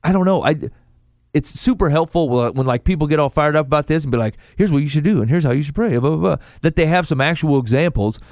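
A man on a faith podcast, chatting casually and telling stories with animated quoted asides. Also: fairly high pitch, fast talker, no room sound, clean studio sound. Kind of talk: casual chat about faith.

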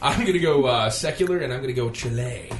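A man's voice: medium pitch, fast talker, noisy background. Teasing man in a roomy studio. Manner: teasing, wry remarks. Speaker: co-host. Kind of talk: casual quiz banter.

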